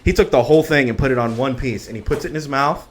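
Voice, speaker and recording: A man's voice: mid-range voice, fast talker, a little hiss or hum. A man hosting a podcast, telling a story with laid-back, profane banter. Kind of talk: casual chat.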